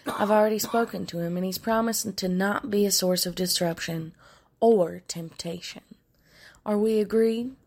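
A woman's voice: mid-range voice, steady tone, normal speed, darkish tone. A woman playing a stern, exasperated support group leader in a comedy sketch.

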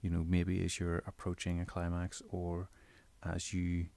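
A man in his bedroom giving casual spoken tips on voice recording, explaining in a relaxed, rambling way. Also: low voice, measured pace, gravelly, dry recording. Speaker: audio creator giving tips. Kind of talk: casual instructional talk.

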